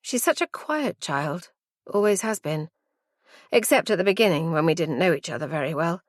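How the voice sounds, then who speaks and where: A woman's voice: fairly low pitch, lively intonation, no echo, studio quality. Intimate woman audiobook narrator. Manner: measured, intimate, reflective. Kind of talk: first-person audiobook narration.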